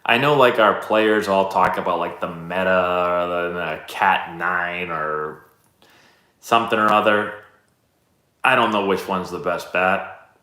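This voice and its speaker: A man's voice: low-pitched, steady tone, measured pace, pushed and bright. Laid-back man chatting on a live stream. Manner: laid-back, rambling, self-deprecating storyteller. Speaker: host answering live chat questions. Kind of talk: casual chat. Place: indoor room, live stream. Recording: roomy echo.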